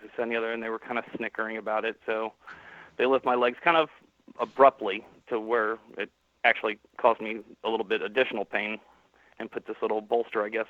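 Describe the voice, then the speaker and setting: A man calling in and plainly telling a personal story, quoting the people he met along the way. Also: fairly low pitch. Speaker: caller. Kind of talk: personal story on a call-in stream. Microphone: phone. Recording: tinny phone line.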